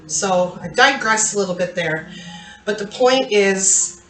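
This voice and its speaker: A woman's voice: mid-range voice, a little slow, a bit bright. Candid woman talking in a roomy space. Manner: candid, confiding storytelling with fillers. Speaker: therapist and channel host. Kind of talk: personal talk to camera. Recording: roomy echo with faint ambience.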